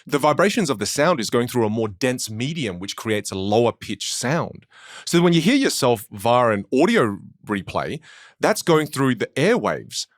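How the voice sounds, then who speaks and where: A man in casual podcast chat, explaining things in an animated way and acting out people's reactions. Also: medium pitch, normal speed, dry recording, clean studio sound.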